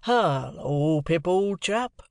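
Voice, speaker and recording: A man reading an audiobook, voicing a gentle, simple blacksmith with plain, homely speech. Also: a little high, expressive, very slow, creaky, no room sound, studio quality, pitched above the performer's own voice, heavily acted.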